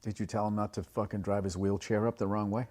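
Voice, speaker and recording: A man's voice: on the low side, little pitch movement, fast, a little mellow. Profane, rambling man co-hosting a podcast. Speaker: podcast co-host. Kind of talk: casual chat.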